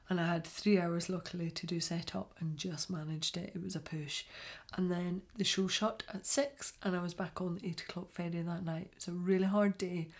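Chatty woman, yarn vendor. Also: on the low side. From Scotland. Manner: chatty, animated storytelling. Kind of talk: casual chat.

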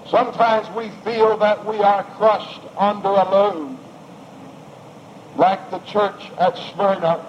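Man preaching slow and emphatic, kinda high voice, muffled old tape with a bit of hiss. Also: steady tone. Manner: emphatic, rising and falling delivery with repetition. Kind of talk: sermon. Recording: dull lo-fi recording with faint noise.

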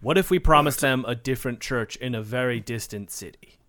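A man's voice: medium pitch, brisk, fairly bright tone, no echo, studio quality. A man playing a tabletop game, making wry jokes. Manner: wry, joking. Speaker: player. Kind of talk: tabletop role-play banter.

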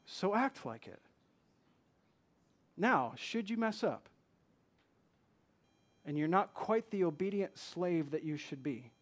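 Male pastor, high voice, sermon delivery, emphatic rhetorical questioning. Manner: slows down to read scripture.

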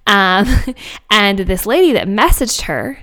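A woman hosting a podcast, telling a personal story in an animated, emphatic way with fillers and laughs, recorded at a home office mic. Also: medium pitch, slow pace. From Canada. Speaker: podcast host. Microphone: home office microphone.

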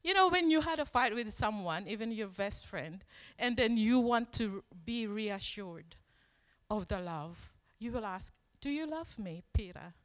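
Slow-speaking woman preaching in a hall. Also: medium pitch, animated. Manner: conversational storytelling, acts out quoted lines. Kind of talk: sermon.

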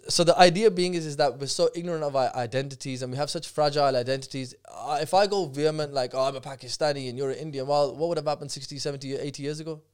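A man, a podcast guest talking fast and animatedly, breaking off and restarting his sentences as he tells stories. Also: on the high side, clear, resonant tone. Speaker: guest speaker. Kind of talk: casual podcast conversation.

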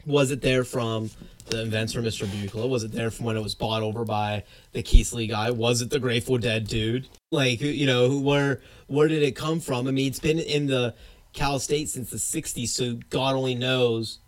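A man's voice: mid-range voice, fairly even intonation, normal speed. A man co-hosting a casual podcast with a blunt, wry manner, swearing casually as he chats. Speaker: podcast co-host. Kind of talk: casual chat.

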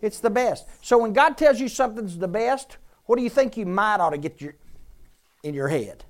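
A woman teaching a Bible class to a room of listeners, lively and joking as she quizzes them. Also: medium pitch, normal speed. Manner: lively, jokey, quizzes the audience.

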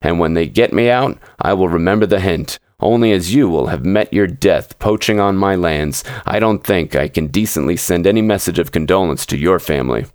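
A man voicing a proud, fierce nobleman landowner trapped in his own forest, raising his voice higher than his narration. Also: normal speed, few pauses, no echo, studio quality, lightly acted. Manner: fierce, haughty and forceful. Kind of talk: dramatic short story reading.

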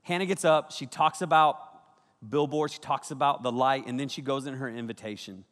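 A man preaching a youth sermon, energetic and conversational, with sudden loud bursts. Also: mid-range voice, fairly quick. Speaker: youth pastor. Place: large auditorium. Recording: reverberant hall.

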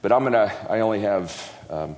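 A man's voice: lowish voice, lively intonation, a little fast, noisy background. A man preaching a casual, joking sermon to a congregation, rambling and interrupting himself with folksy asides. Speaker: guest preacher. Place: church hall. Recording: echoey hall, long reverb.

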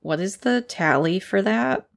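A woman's voice: mid-range voice, lively intonation, unhurried, vocal fry. A woman co-hosting a comedy podcast, playful and incredulous. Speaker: podcast co-host.

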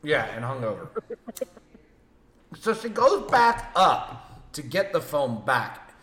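An animated man telling a story on a casual podcast and swearing as he goes. His voice is bright and swings widely in pitch. The sound carries a roomy echo. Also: takes it slowly. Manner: animated storytelling, acts out quoted lines, swears a lot. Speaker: podcast co-host. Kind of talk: casual chat.

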